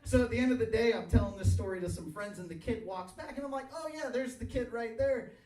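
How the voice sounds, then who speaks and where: A man's voice: very high voice, quick pace, darkish tone, distant mic. A man in his thirties doing a crude, rambling stand-up set on a bar stage, often laughing at his own jokes. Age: 30s. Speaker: stand-up comedian. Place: bar stage, live audience. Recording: echoey bar recorded from afar.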